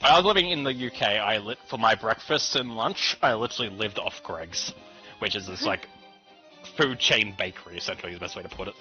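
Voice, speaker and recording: A man's voice: on the low side, a little fast, pushed and bright. A man chatting on a stream, ranting animatedly and swearing often. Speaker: guest on a stream. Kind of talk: casual chat. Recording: muffled stream audio with faint music.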